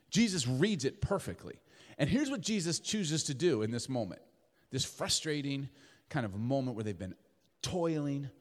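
Guy preaching in a church, voice jumps all over, acts out the characters, big echo in the hall. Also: a little high. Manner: animated, acts out voices of Peter and Jesus. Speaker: pastor. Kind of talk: sermon.

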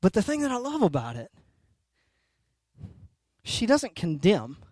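A man in his thirties preaching a sermon as a pastor, telling stories in an animated way that swings from soft to loud, and often checking in with "right?" and "okay?". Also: high-pitched, unhurried, no echo.

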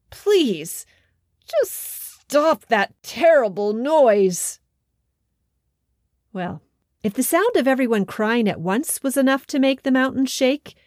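A woman telling a children's storybook tale with gentle, expressive narration and folksy asides. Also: mid-range voice, no room sound, clean studio sound.

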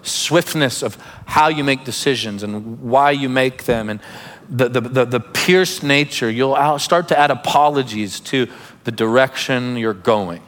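A man's voice: mid-range voice, a little slow, a bit bright, in a large hall. A man preaching a sermon as pastor, emphatic, breaking into laughing asides and urging listeners to pay attention.

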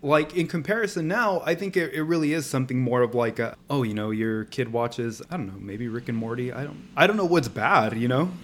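A man's voice: medium pitch, brisk, hardly any pauses. A young man chatting casually as a podcast co-host, telling stories with plenty of swearing and acting out other people's lines. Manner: animated storytelling, swearing, acts out quotes. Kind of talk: casual chat.

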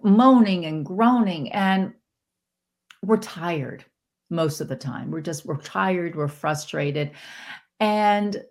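A woman guest giving a motivational talk on spirituality, animated, her pitch often jumping into quoted voices. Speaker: podcast guest, spiritual teacher.

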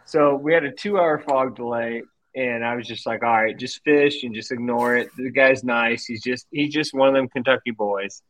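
A man's voice: mid-range voice, moderate pace, fairly bright tone, no echo, rough recording. A man co-hosting a casual fishing podcast, telling a rambling story and breaking into laughter. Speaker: podcast co-host.

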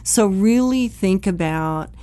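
A direct, plain-spoken woman teaches first responders about communication at home, speaking slowly and animatedly in a medium-pitched voice with a dark tone. She keeps it conversational and briefly acts out quoted exchanges. The dry, close recording has almost no room sound.

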